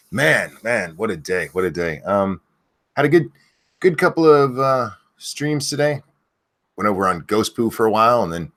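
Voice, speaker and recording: A man hosting a live stream, chatting casually, swearing a lot, and yelling out viewers' names now and then. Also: lowish voice.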